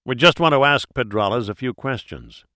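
Man doing chill investigator guy, dry, deadpan, bright-ish voice, dead dry room. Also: mid-range voice, normal speed, no echo. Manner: dry, understated, businesslike. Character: calm, unflappable male investigator.

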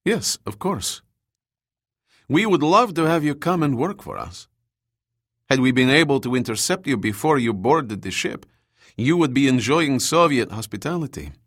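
A man's voice: medium pitch, very animated, moderate pace, a bit bright, no room sound, studio quality, pitched above the performer's own voice. A man reading the lines of a Soviet agent who speaks with mocking, genial politeness. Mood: genial menace.

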